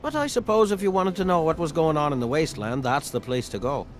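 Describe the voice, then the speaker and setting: An actor with an Irish accent playing a sly, scheming male saloon owner in a video game, talking in a smooth, sardonic, wheedling way. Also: on the high side, animated, fast talker, slight background noise, close to an everyday voice. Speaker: game character. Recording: game audio with music underneath.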